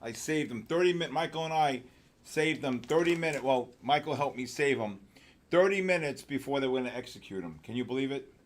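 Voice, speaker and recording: A man hosting a live trading session, talking fast and excitedly with sudden loud exclamations. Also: medium pitch. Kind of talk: live trading room commentary.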